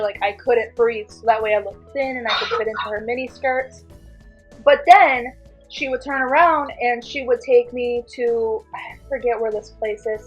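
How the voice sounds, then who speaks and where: A woman's voice: on the high side, slightly rough, dull audio. A young woman, a channel host, telling her own story in casual storytime chat, full of "like" and little laughs. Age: young adult.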